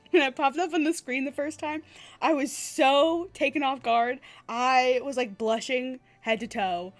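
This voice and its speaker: A woman's voice: sits high, a little slow, soft background music. A young woman streaming a game, chatting casually, gushing and swearing as she reacts.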